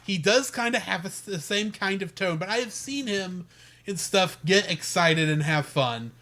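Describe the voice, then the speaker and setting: Bright-voiced man reviewing a movie. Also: sits high, moderate pace. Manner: eager, talks over his partner. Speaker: podcast co-host. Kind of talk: casual movie review chat.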